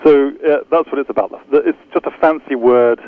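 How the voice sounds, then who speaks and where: A man's voice: mid-range voice, no echo. Englishman on a tinny phone line. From London, England. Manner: measured, hesitant with frequent fillers, self-deprecating. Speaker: guest, theology professor. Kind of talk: radio interview conversation.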